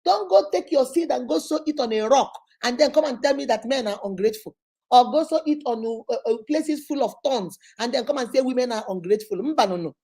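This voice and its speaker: Middle-aged Nigerian woman vlogger, fairly high, warm voice, preachy advice chat. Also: animated, a little fast, slightly rough. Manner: chatty, preachy, drops into pidgin and Igbo words. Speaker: vlogger giving relationship advice. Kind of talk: casual advice talk to followers.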